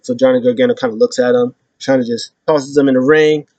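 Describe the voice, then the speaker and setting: A man hosting a casual wrestling recap, retelling events in an animated way and acting out the quotes. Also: medium pitch, quick pace, no echo. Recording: dull lo-fi sound.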